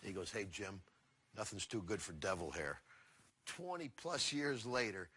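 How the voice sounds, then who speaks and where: A man's voice: on the low side, normal speed, husky. An older man, a retired wrestler, telling a casual anecdote and acting out the dialogue in it. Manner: animated storyteller acting out dialogue.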